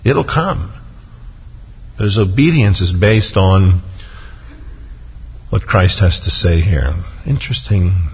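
Man, sermon, earnest preacher, husky voice, long hall reverb, muffled lo-fi sound. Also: animated. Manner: earnest, rises in pitch when stressing points, slows on quoted scripture.

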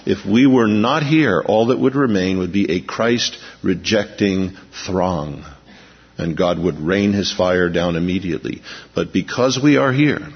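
A man's voice: on the low side, husky. A man preaching a sermon to a large congregation, speaking emphatically and dramatizing the scripture he reads. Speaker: pastor. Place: large church auditorium. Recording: dull, echoey recording of a big church hall.

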